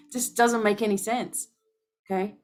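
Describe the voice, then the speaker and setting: In a mid-range voice, a woman takes on the role of a spiritual healer addressing her followers. She's fervent and forceful, leaning on rhetorical questions and repeating "okay?" to press her message home.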